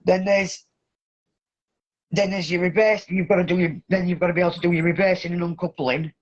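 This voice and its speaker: A woman hosting a casual chat, telling a story in an animated way and swearing heavily. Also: on the low side, a little fast, muffled recording. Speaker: podcast host.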